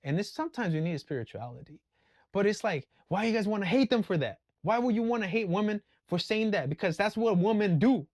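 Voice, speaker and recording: A blunt man rants with plenty of swearing. His voice is fairly high for a man and swings up when he gets heated. The sound is dry and close to the mic. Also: brisk, no room sound. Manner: blunt, profane, animated. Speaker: vlogger. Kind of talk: casual rant.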